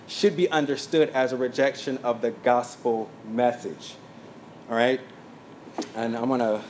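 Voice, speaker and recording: A man teaching a sermon from his notes, speaking plainly with frequent fillers and quick asides. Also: mid-range voice, a little mellow, a little hiss or hum. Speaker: pastor.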